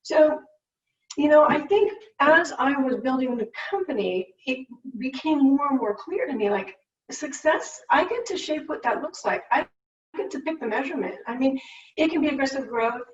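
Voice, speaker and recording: A woman's voice: high voice, expressive, normal speed. Distant, echoey woman telling her story. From United States. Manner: candid, storytelling with acted-out quotes. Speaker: business owner giving a talk. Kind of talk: personal story talk. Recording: muffled, roomy, distant mic.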